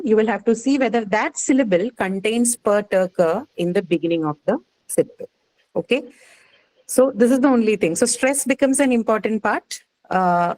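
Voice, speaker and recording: A woman's voice: medium pitch, a little mellow, low-quality recording. A woman teacher with an Indian English accent, lecturing a class on phonetics and often checking understanding. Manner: patient, explanatory, checks understanding with frequent "right?" and "okay".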